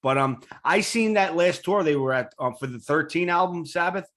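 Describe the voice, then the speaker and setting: Excitable New man hosting. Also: a little high, moderate pace. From Queens, New York. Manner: excitable, blunt fan talk. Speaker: interview host. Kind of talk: casual interview chat.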